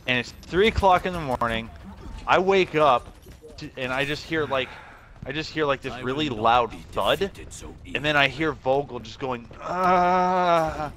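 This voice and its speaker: A man's voice: mid-range voice, normal speed, bright, forceful tone, a little hiss or hum. A young man chatting casually while gaming, telling rambling, profane stories from his army days. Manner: rambling storytelling with profanity and laughs. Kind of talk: casual chat.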